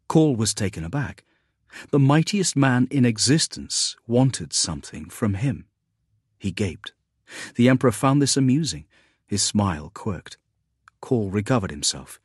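Husky low-voiced male audiobook narrator. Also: sing-song, moderate pace, no room sound, studio quality.

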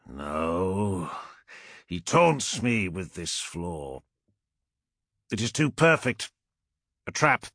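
Brief: male narrator doing a giant armored warlord, husky, slow, scornful, dry close read. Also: fairly low pitch, very animated, sharp tone, no room sound, full character voice. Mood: menacing. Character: towering armored male warlord, menacing and proud.

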